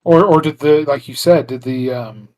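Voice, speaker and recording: A podcast co-host in casual chat, chiming in with short, wry, deadpan quips. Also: medium pitch, moderate pace, dull audio, crowd noise.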